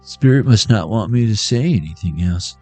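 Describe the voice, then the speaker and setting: A man's voice: fairly low pitch, animated, moderate pace, darkish tone, husky, faint music behind. A man giving a casual, joking tarot reading on a livestream. He rambles and swears freely. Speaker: tarot reader.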